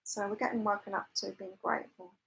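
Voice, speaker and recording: A woman's voice: mid-range voice, little pitch movement, quick pace, creaky, a bit bright, a little hiss or hum, low-quality recording. A woman hosting a live psychic chat, talking casually with viewers, laughing often and reading out their comments. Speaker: psychic livestream host. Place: temporary lodging, staying away from home.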